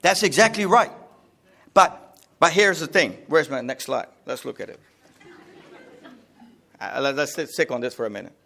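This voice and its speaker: A man's voice: fairly high pitch, moderate pace, creaky, pauses often, sharp tone, some chatter behind. A man giving a rambling, jokey talk to a live seminar audience, repeating himself often. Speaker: seminar speaker. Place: seminar room.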